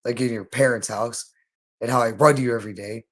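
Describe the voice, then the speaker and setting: A man's voice: medium pitch, steady tone, brisk. A man talking straight to the listener in a rambling monologue, urgent and pleading, repeating the same phrases over and over. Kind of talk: rambling direct-to-camera monologue.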